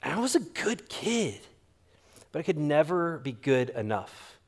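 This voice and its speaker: A male pastor with a fairly high, slightly rough voice preaches at an unhurried pace. He tells stories animatedly, acting out the dialogue as part of his sermon.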